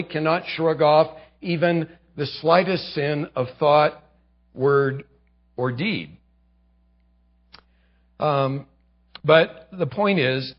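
A man preaching a sermon as pastor, emphatic and swinging between loud bursts and quiet lows. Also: lo-fi sound.

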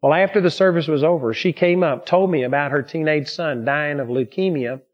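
A man with a fairly high voice preaches a sermon, moving from personal stories to scripture in an earnest, steady way. The recording is dull and lo-fi. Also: brisk.

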